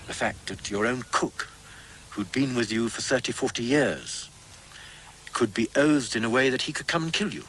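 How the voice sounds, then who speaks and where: A man's voice: medium pitch, animated, moderate pace, a bit bright, slight background noise, poor audio. A man answers in an interview with earnest, reflective speech. He leans on his words to stress how unbelievable something was. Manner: earnest, incredulous emphasis.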